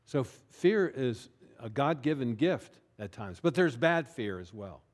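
A pastor delivers a sermon in a relaxed, conversational manner, his voice sitting at an ordinary middle pitch for a man. He keeps checking in with the congregation and draws out his words whenever he wants a point to land. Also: measured pace. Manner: conversational, often checks in with "right?".

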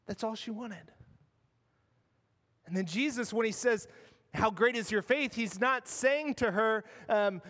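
High-voiced pastor preaching in a church, earnest, loud then hushed, long echo. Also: male voice. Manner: earnest, dramatic shifts between loud and hushed. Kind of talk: sermon.

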